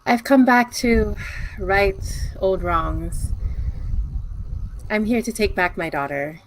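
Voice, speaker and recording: A woman playing a hardened returning mother. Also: low-quality recording. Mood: resolute. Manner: low, quiet, measured. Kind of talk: telenovela role-play.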